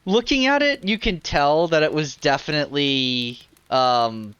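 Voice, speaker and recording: A man's voice: on the high side, unhurried, a bit bright, clean tone, no room sound. A man narrating a tabletop game as dungeon master, rambling with lots of fillers. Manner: rambling, heavy on fillers like "like" and "you know". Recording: dull lo-fi sound.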